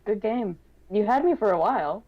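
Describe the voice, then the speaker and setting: A woman's voice: medium pitch, animated, moderate pace, dull audio. A woman playing a tabletop game, chatting casually in a teasing, upbeat way. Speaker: player.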